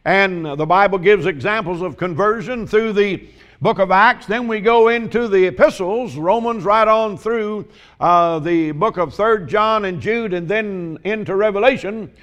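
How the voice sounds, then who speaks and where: Folksy preacher, high voice. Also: male voice, fairly bright tone. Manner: folksy storytelling, drawn-out emphatic questions. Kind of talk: sermon with humorous stories.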